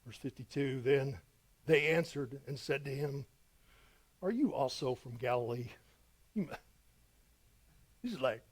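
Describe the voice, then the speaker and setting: A man's voice: mid-range voice, expressive, unhurried, pauses often, slightly rough. A middle-aged man preaching verse by verse as a pastor, reading scripture dramatically with emphatic rises. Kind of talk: verse-by-verse sermon.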